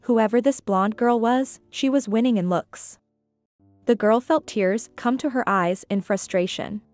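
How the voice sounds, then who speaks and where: A woman with a fairly high voice reads a scripted drama story in a steady, even manner. Soft music plays faintly beneath her narration. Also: measured pace, no echo.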